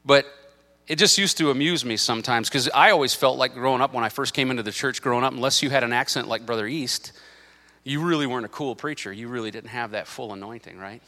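A middle-aged male pastor preaching a sermon in church, animated, swinging between loud bursts and quiet asides, with joking side remarks. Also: medium pitch, quick pace, big-room sound. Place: church sanctuary.

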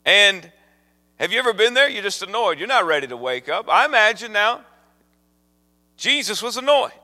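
Male guest evangelist, fervent sermon delivery, high and bright, big reverberant hall. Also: moderate pace. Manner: builds from calm storytelling to fervent preaching.

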